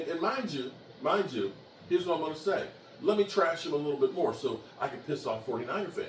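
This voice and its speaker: A man hosting his own podcast, ranting animatedly and taunting rival fans in a loud, fired-up sports rant. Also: a little high, far from the mic, a little hiss or hum. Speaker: podcast host. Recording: echoey room, voice off-mic, faint ambience.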